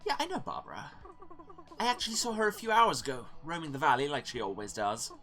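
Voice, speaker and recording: A man's voice: a little high, very animated, fast talker, bright, forceful tone, faint music behind, pitched above the performer's own voice, exaggerated voice. A man doing a folksy woodland local. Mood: casual.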